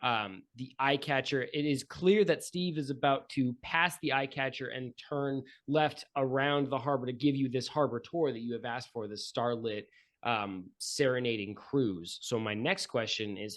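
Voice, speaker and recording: A man's voice: mid-range voice, moderate pace. A casual, joking male game master. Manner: casual and joking, with many fillers. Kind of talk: narrating a tabletop game.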